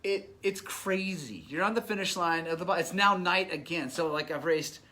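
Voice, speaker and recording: Animated man telling a story, slightly high voice. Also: normal speed. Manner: animated, rambling, chuckling asides to listeners. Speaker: motorcycle shop show host. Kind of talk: casual live storytelling. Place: motorcycle shop before opening.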